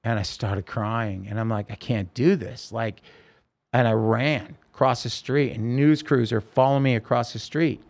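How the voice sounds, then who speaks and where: A man telling his own story in a podcast interview, earnest and halting, with many restarts. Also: medium pitch, steady tone, vocal fry.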